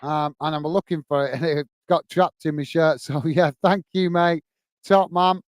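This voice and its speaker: Chatty british guy running a footy watch-along, reads out viewer comments, smooth voice, dry sound. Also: fairly high pitch, fairly even intonation, normal speed, dry recording. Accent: British English. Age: adult, working age. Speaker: host of a match watch-along. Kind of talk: casual live commentary and chat. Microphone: earpiece and close mic.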